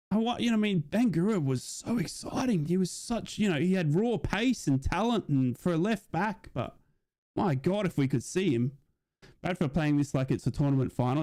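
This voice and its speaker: During a live football watch-along, a man with a medium-pitched, darkish voice talks in a relaxed way. He reads out what viewers send in and frequently asks "do you know what I mean".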